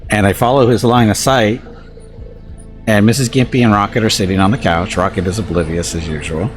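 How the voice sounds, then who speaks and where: A man's voice: lowish voice, steady tone, a little fast, faint music behind. A male streamer chatting casually, telling a home anecdote with restarts and chuckles. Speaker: game streamer. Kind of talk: casual chat.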